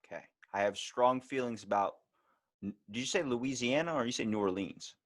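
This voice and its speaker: A man's voice: mid-range voice, brisk. A man with a Baltimore accent hosts a laid-back podcast conversation. He tells stories with lots of animation and acts out the voices of the people he quotes. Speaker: podcast host. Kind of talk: casual chat.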